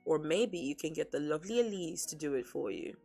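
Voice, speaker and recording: A woman's voice: deep voice, expressive, brisk, vocal fry, mellow, slightly rough, faint music behind, exaggerated voice. Woman reading as a cold young crime boss. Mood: cold threatening. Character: cool calculating young male crime boss.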